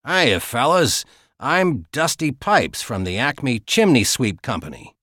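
A man's voice: mid-range voice, very animated, takes it slowly, bright, forceful tone, no echo, clean studio sound, exaggerated voice. A man voicing a wisecracking male captive who jokes with his captors. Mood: wry. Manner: glib, joking tone. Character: wisecracking captured older man, cheeky.

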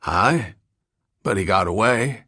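A man voicing an old, sprightly retired sailor who works as a night watchman, talking in a slow, folksy, teasing way. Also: lowish voice, animated, bright, forceful tone, slightly rough, no echo, clean studio sound, heavily acted. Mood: wry.

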